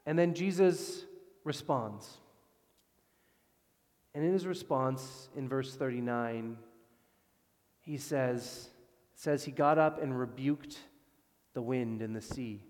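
A man preaching a sermon, animated, moving between loud emphasis and hushed, calm passages. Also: mid-range voice, slow, long pauses. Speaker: pastor. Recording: long hall reverb.

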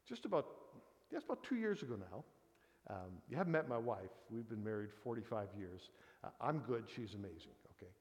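A man's voice: lowish voice, sing-song, fairly quick. Folksy older man preaching in a hall. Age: 60s. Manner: folksy, storytelling, frequent "kind of thing" asides. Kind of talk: conversational sermon with personal story. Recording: long reverb of a large hall.

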